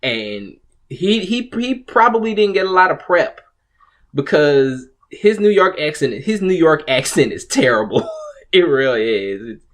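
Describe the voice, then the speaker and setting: A man's voice: fairly high pitch, big pitch swings, a little slow. A man hosting a casual commentary video, rambling and swearing, with frequent restarts and laughs. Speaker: video host.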